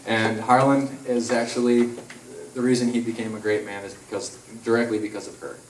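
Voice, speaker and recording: A man's voice: medium pitch, level tone, brisk, a little hiss or hum. A man in his thirties with an Upper Midwest American accent, giving a eulogy full of funny stories about a close friend. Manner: storytelling, jokey, acts out quotes. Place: large hall at a memorial. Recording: echoey hall, mic from far off.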